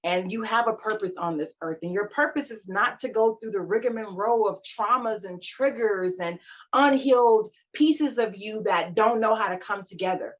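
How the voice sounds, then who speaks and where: Animated woman in her forties, lo-fi. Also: medium pitch, moderate pace. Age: 40s. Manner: animated, emphatic storytelling. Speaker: podcast guest, life coach. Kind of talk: casual interview chat. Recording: slightly dull lo-fi sound.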